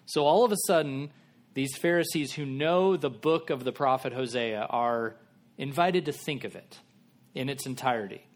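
A man's voice: mid-range voice, moderate pace. A man giving a sermon in a casual, conversational style, acting out biblical characters in everyday voices. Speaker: pastor.

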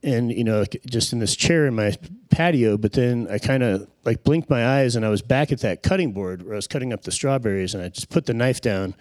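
A man's voice: mid-range voice, a little fast, darkish tone, no echo. A man in his forties telling a personal faith story into a handheld microphone in an earnest, reflective way, often searching for words. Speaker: speaker sharing a personal testimony.

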